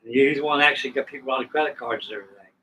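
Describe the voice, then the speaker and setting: Hosting a live stream, this sixty-something man talks rapid-fire in a pushed, bright, medium-pitched voice. He tells a long story casually, wandering off on asides and restarting often. The mic is far away, and there's a little background noise.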